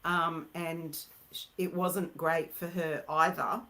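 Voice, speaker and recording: A woman's voice: deep voice, little pitch movement, slow, bright, forceful tone, rough recording. A middle-aged woman, a mother who is a guest, speaking reflectively in a casual conversation.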